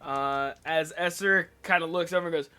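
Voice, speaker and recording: Bright high-voiced male game master. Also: normal speed, clear, resonant tone. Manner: lively, vivid scene narration with sound effects. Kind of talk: narrating a tabletop game.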